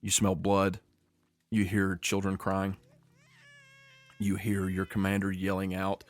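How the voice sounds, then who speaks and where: A man narrating as game master of a tabletop game, slowing down for dramatic scene-setting. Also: deep voice, completely flat delivery.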